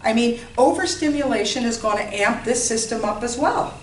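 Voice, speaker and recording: A woman's voice: a little high, expressive, moderate pace. A woman giving an informal lecture on health to a class, often checking in with her listeners. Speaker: health educator. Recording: roomy, distant mic, faint noise.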